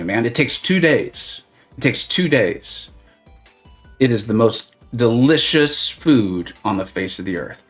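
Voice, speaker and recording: Man, middle-aged, livestream host, rambling casual chat, faint music behind. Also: medium pitch. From Southern California. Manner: rambling, animated storytelling with many fillers and restarts.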